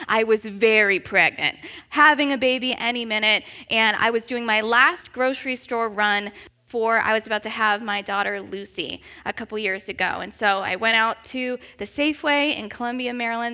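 A high, bright woman in her thirties spins a funny story about herself, animated and quick to laugh at her own expense. The recording is dull and lo-fi. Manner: animated, self-deprecating, laughing often. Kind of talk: comedic personal storytelling.

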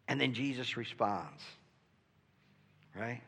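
A man's voice: mid-range voice, lively intonation, a little slow, long pauses, breathy edge, lo-fi sound. Earnest male preacher in echoing hall. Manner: earnest, asks "right?" often, stumbles over starts. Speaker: pastor. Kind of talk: sermon. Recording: long reverb from a hall.

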